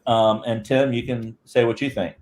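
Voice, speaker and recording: A man talks as a podcast guest in a loose, rambling way. His voice sits at an everyday middle pitch. He tells his story with lively energy. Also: moderate pace. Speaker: guest Bigfoot researcher. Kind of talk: casual podcast chat.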